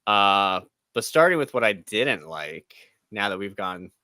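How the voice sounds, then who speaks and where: A man's voice: fairly low pitch, lively intonation, a little slow, sharp tone, dry recording, studio quality. A man co-hosting a casual spoiler chat, ranting in an exasperated tone and mocking what he dislikes with quoted asides. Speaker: podcast co-host.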